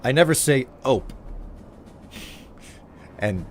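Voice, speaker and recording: A man's voice: mid-range voice, big pitch swings, slow, faint music behind. A young man from the Upper Midwest chatting casually and joking while reading his live stream's chat.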